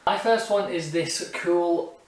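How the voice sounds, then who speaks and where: A man co-hosting a casual haul video, laid-back and chiming in with quick agreements. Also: sits high. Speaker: YouTube co-host. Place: warm indoor room. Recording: roomy echo, distant mic.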